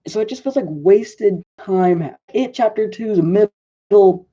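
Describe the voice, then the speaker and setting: A man's voice: high-pitched, measured pace, warm tone, husky. A man giving a casual movie review, rambling with lots of "like" and fillers and often correcting himself, on a dull lo-fi recording. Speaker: film reviewer.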